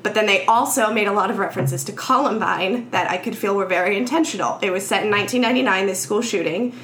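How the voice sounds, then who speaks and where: Woman podcaster, animated storyteller who voices the characters as she goes; echoey room, faint hiss. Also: mid-range voice, fast talker. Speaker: podcast host recapping a film. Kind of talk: casual chat.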